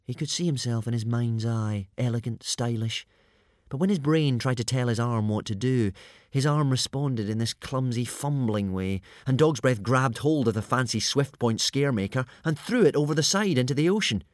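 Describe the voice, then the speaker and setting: A man narrating a children's adventure book in a lively, expressive reading. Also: mid-range voice, normal speed, no echo, studio quality. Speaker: audiobook narrator. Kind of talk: scripted storybook narration.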